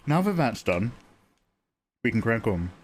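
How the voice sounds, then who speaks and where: A man streaming live, chatting casually with viewers while often clearing his throat. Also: mid-range voice, very animated, a little slow, a little hiss or hum. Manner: chatty, greets viewers, jokey. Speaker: livestreaming artist.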